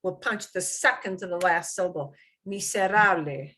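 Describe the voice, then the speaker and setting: A woman's voice: fairly low pitch, a little fast, a bit bright, slightly rough. A woman teaching a beginners' Spanish class, patiently drilling pronunciation and having students repeat words. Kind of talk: online class lesson.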